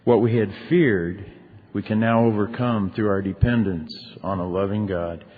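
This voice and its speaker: A middle-aged man tells his own story from the stage of a large convention ballroom, candid and chatty, full of "you know" and "man". His voice sits on the low side and sounds husky. The recording is thin and phone-like, with a long reverb trailing off the hall. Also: steady tone, moderate pace. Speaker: recovery meeting speaker. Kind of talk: personal story told from a stage.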